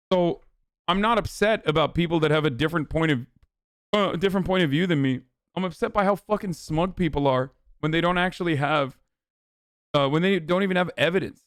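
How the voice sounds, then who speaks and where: A man's voice: fairly high pitch, normal speed, long pauses, no echo, clean studio sound. A young man hosting a live stream, ranting with profanity and exasperation at his chat. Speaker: livestream host.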